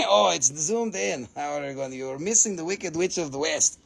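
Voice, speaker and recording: A man hosting a live sales stream, running through prices in an excitable, joking way. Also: on the high side, moderate pace, gravelly, hardly any pauses. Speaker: host selling minerals on a live stream.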